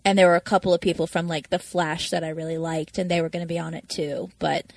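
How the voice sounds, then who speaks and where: A woman's voice: lowish voice, flat delivery, fast talker, gravelly, no echo. Chatty woman co-host, dry sound. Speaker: podcast co-host. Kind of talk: casual podcast chat.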